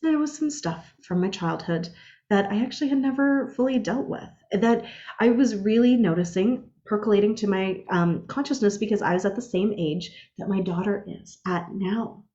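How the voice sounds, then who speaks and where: A woman giving a spiritual guide's casual energy update, telling personal stories in an animated way. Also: medium pitch, moderate pace, highs cut off. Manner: animated storyteller, acts out her own quotes.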